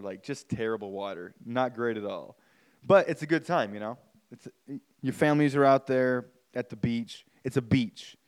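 With a medium-pitched, clean-toned voice, a podcast host tells a story in a casual, animated way. He swears and leans heavily on "like" and "man."

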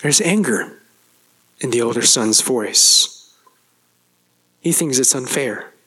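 A man's voice: slow, breathy edge. A man preaching a sermon as pastor, speaking straight to the congregation and acting out a character's complaint with a rising voice. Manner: animated, acts out the older brother's complaint with rising pitch; addresses the congregation directly, asks questions.

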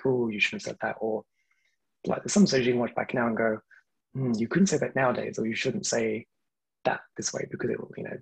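A man with a gravelly, husky voice talks quickly and loosely, piling up "like" and "you know" as he circles his point. He hedges his opinions and breaks into laughter often. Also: mid-range voice, a little mellow, low-quality recording. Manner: rambling, hedging, laughs often. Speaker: podcast guest. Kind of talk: casual chat.

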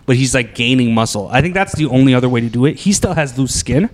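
A man's voice: mid-range voice, expressive, fast. A man co-hosting a casual podcast, speaking bluntly and swearing offhandedly. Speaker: podcast co-host. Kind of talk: casual chat.

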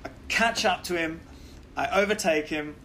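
Aussie guy spinning wild travel yarns, swears a lot, laughs, slightly high voice, bit of background hiss. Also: normal speed. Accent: Australian. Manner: animated storytelling, swears freely, laughs often. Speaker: guest. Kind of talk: casual podcast chat.

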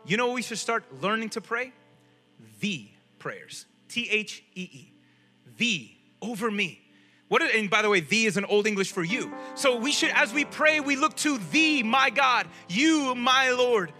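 A male pastor preaches in a high, bright, forceful voice, lively and casual, throwing questions to the crowd. Faint music plays behind him. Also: moderate pace, few pauses. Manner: animated preaching, asks the audience questions; casual speech. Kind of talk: sermon.

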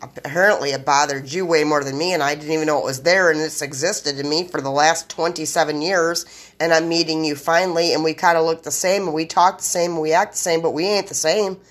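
A woman's voice: low-pitched, fairly even intonation, a little fast. A woman hosting a solo podcast, rambling in blunt, profane run-on sentences straight to her listeners. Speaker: podcast host.

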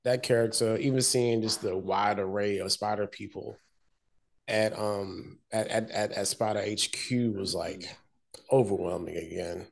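A man co-hosting a casual movie review podcast, talking in a relaxed, slangy way with lots of fillers. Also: on the low side, measured pace, gravelly. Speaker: podcast co-host.

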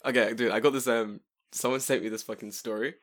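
A man's voice: mid-range voice, fast talker. A man co-hosting a casual comedy chat, swearing freely and telling stories with lots of laughter. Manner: laughs often, swears, animated storytelling. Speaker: podcast co-host.

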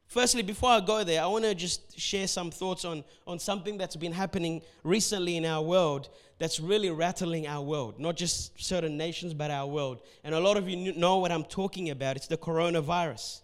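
A man from Ethiopia preaching a sermon as pastor, animated and acting out the people he quotes. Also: high-pitched, normal speed. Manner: animated, acts out quotes in shifting voices.

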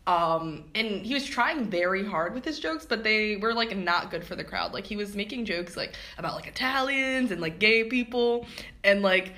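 A woman's voice: medium pitch, animated, normal speed, bright, forceful tone. A young woman co-hosting a podcast, telling a travel story in casual chat with lots of fillers and laughs. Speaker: podcast co-host.

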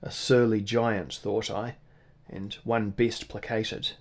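A man reading a first-person novel aloud in a measured, formal manner. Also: fairly low pitch, level tone. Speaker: audiobook narrator. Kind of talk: scripted first-person narration.

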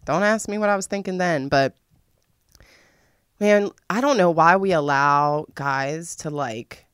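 A woman's voice: low-pitched, measured pace, fairly bright tone, clean tone, no room sound, clean studio sound. A young adult woman telling a frank, profane story to her listeners, laughing often as she talks. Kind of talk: candid storytime monologue.

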